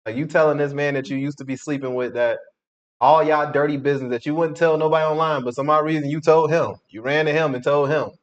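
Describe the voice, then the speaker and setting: Fast, preachy male commentator, a bit high-pitched, muffled lo-fi recording. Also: steady tone. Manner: opinionated, preachy, quick-talking. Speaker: reaction host. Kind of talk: casual commentary.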